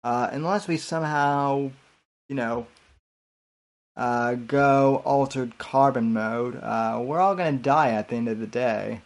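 A man's voice: mid-range voice, unhurried. A man hosting a casual late-night podcast stream, hesitant and full of fillers and restarts. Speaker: podcast host.

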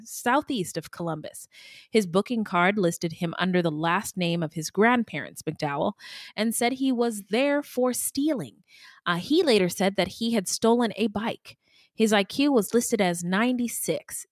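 Animated chatty woman, dry close sound. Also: mid-range voice, no echo. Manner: animated, chatty, quips and asides. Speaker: podcast co-host. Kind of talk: casual true-crime podcast chat.

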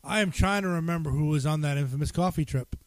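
A man's voice: a little high, quick pace, dry recording. A man co-hosting a podcast in casual chat, teasing and laughing as he tells stories. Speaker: podcast co-host.

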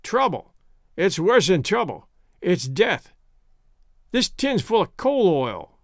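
A man voicing a panicky, shrieking sailor in a storybook reading, loud and frantic. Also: sing-song, slow pace, dry recording, clean studio sound, exaggerated voice. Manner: shrill, frantic outbursts. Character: agitated middle-aged male sailor, panicky.

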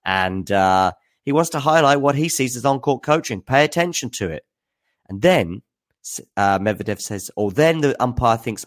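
A man's voice: medium pitch, lively intonation, normal speed. A man hosting a live tennis news recap, chatting with viewers in a hesitant, filler-heavy way. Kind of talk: live-stream commentary recap.

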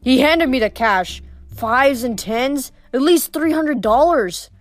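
A woman reading a novel aloud in steady narration, with occasional small slips. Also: sits high, takes it slowly, dry recording. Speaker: reader.

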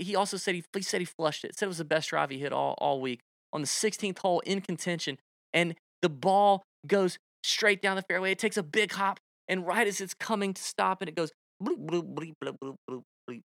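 A man co-hosting a casual podcast, animated, with goofy sound effects and exasperated rants. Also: high voice, a little fast, creaky, dry recording, clean studio sound. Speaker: podcast co-host. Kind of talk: casual chat about golf picks.

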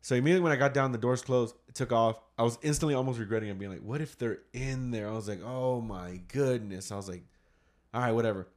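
A man's voice: medium pitch, quick pace. Rambling man telling a casual story. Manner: rambling, acts out his own past thoughts with lots of "I was like"; swears casually. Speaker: father.

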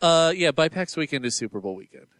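A young adult man hosting a casual podcast, excitable and quick to laugh. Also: a little high, dry recording, studio quality. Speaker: podcast host.

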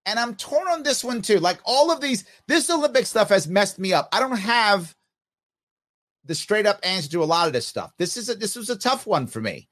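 A man's voice: high-pitched, expressive, moderate pace, fairly bright tone. A middle-aged man hosting a podcast and giving opinionated commentary, talking straight to listeners with rhetorical questions. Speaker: podcast host.

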